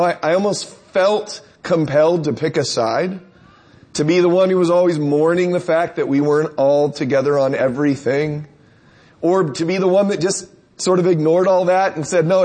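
A man's voice: high-pitched, darkish tone, slightly rough. A man preacher delivering a conversational sermon, telling stories and asking rhetorical questions.

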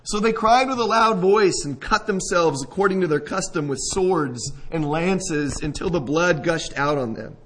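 A man's voice: high voice, moderate pace, hardly any pauses, fairly bright tone, slight background noise, rough recording. A man preaching a sermon, retelling a scripture story vividly and asking his listeners questions. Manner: storytelling, asks listeners questions, acts out scenes. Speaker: pastor.

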